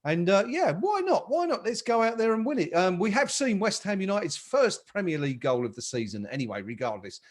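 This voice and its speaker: A man's voice: high voice, lively intonation, fairly quick, hardly any pauses. Upbeat man hosting a live match stream. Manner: upbeat, reads out viewer comments. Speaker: podcast host.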